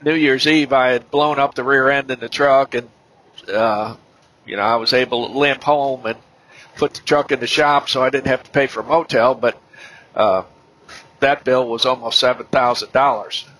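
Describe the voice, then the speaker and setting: A middle-aged man with a bright, forward voice tells a personal testimony as a podcast guest. His delivery is halting, full of fillers and restarts, at an everyday pitch for a man. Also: steady tone, poor audio.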